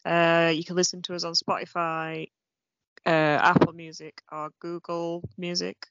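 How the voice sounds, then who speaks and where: Co-host, woman, low and monotone, plain delivery, muffled dry mic. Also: unhurried, smooth, dry recording. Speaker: podcast co-host. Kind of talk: casual podcast chat. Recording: dry, dull lo-fi remote recording.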